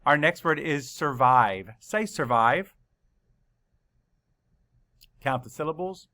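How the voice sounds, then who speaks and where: A man leads a children's spelling lesson at an unhurried pace, sounding out each letter carefully. His voice is bright and forward, with a measured, patient delivery. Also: on the high side, animated, gravelly. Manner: slow, deliberate letter-by-letter dictation. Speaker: teacher.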